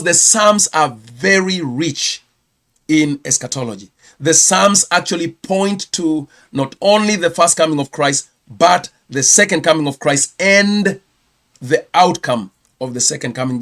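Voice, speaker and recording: A man from Kenya with a Kenyan accent, hosting a casual ministry news roundup, chatty and quick to correct himself. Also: fairly high pitch, fairly bright tone. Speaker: ministry host.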